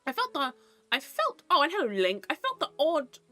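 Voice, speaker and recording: A woman's voice: high voice, wildly swooping pitch, normal speed, pushed and bright, no echo, soft background music. A woman livestreaming and chatting casually with her viewers, playful and teasing, cursing freely and slipping into mock-archaic theatrical bits.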